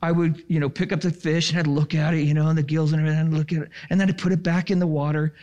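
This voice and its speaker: A man with a high voice tells a story to a live audience, chatty and animated. He rambles, restarts his sentences and leans on fillers as he goes. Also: racing.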